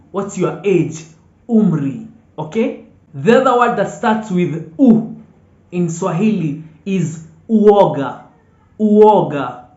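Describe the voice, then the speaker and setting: A language teacher calmly repeating each vocabulary word several times and checking in with "okay?" as they go. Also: medium pitch. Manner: patient, drills words aloud and checks in with "okay?". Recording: echoey room, dull lo-fi sound.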